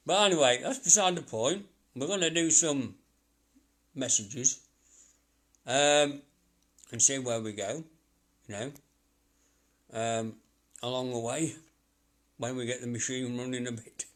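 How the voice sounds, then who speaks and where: On a live stream, a man who works as a psychic medium talks in a loose, stop-start way, laughing quietly to himself. He has a medium-pitched voice with a fairly bright tone.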